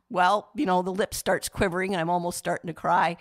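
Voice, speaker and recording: A middle-aged woman casually recalls childhood memories of her father, acting out quoted voices in a lively way. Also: on the low side, fast talker, few pauses. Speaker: daughter sharing memories. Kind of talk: casual storytelling.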